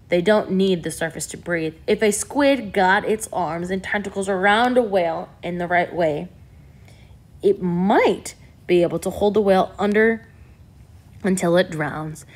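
A woman reading an excitable lecturing scientist. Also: on the low side, unhurried. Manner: explanatory, lecturing.

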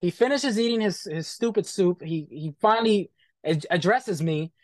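A man's voice: high-pitched, normal speed, dry recording, clean studio sound. A man being interviewed, bluntly retelling a bad experience in casual, profane talk full of quoted back-and-forth.

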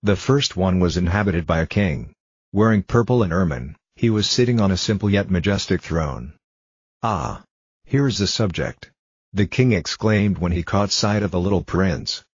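A man reading a storybook aloud for English learners in a calm, measured way. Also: sits low, slightly rough, no room sound. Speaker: storybook reader. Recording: dull lo-fi dry recording.

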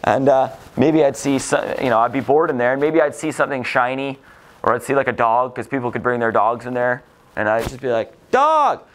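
A man's voice: medium pitch, fairly even intonation, brisk. A man lecturing a recovery group in a casual, rambling way, swearing freely and often. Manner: swears a lot, vulgar, rambling.

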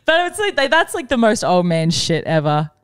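A woman's voice: medium pitch, very animated, moderate pace, clean tone, no room sound, clean studio sound. A woman, co-hosting a comedy podcast, telling stories and laughing often. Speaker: podcast co-host. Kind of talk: casual storytelling chat.

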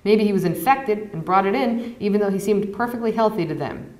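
A woman author reading her novel aloud to an audience at a university, in measured, even first-person narration. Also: mid-range voice. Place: university lecture hall. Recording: echoey hall.

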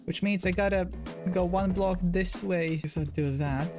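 A man talks through his building game in a playful, excitable way and thinks out loud as he goes. He keeps breaking into goofy beeps and little sound effects. Faint music plays softly behind him. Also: sits high, measured pace. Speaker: Minecraft video creator.

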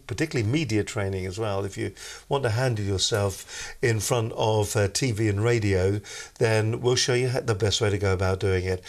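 A man hosts a business talk show from a TV studio. He is chatty and throws in light jokey asides. His voice is mid-pitched. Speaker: host.

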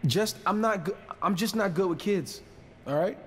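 A man's voice: high voice, normal speed, slightly rough, big-room sound. An actor playing a sullen, offhand man who refuses to help, in a horror video game. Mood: dismissive. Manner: offhand, dismissive. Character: sullen grown man, unhelpful and cagey.

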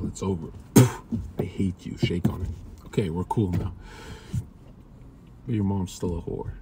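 A man's voice: medium pitch, a little mellow, a little hiss or hum. Dude streaming from his car, brash and crude, trash-talking chat. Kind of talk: casual livestream chat.

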